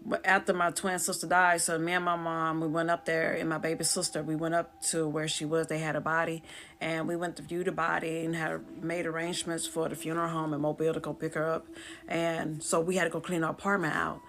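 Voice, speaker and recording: A middle-aged woman with a Southern US accent, telling a personal story in casual, plainspoken dialect that grows loud and animated. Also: deep voice, brisk.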